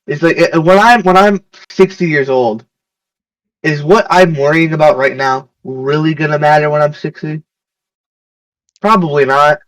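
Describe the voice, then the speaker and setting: A man's voice: a little high, normal speed, fairly bright tone, no room sound, far from the mic, low-quality recording. A young man co-hosting a casual podcast chat, rambling with lots of "like" and "you know". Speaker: podcast co-host.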